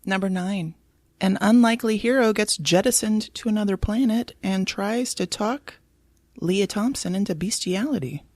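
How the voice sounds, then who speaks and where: A woman's voice: mid-range voice, moderate pace, darkish tone, dry recording. A woman co-hosting a casual podcast, reading out quiz clues and laughing easily. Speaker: podcast co-host.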